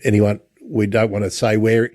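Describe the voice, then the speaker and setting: A man's voice: on the low side, level tone, moderate pace, a little mellow, no echo. A man hosting an interview in a chatty way, often restarting his sentences. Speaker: podcast host. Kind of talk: casual interview chat.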